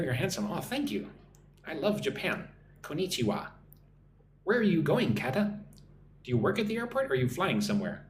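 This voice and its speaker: An American English teacher in his forties hosts a live-stream lesson, chatting casually as he reads viewer comments aloud and responds. His voice is medium-pitched, and there's a little hiss or hum on the recording.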